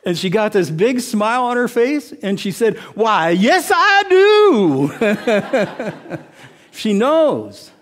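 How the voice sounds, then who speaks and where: Halting man preaching, slightly high voice. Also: a little mellow. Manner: halting, repeats words and restarts often. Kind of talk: informal sermon with personal story.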